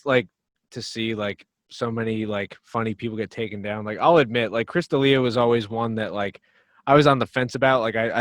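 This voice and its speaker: A man's voice: medium pitch, fairly bright tone, no room sound. A man appearing as a musician guest on a podcast, talking casually in a blunt, joking, profane way.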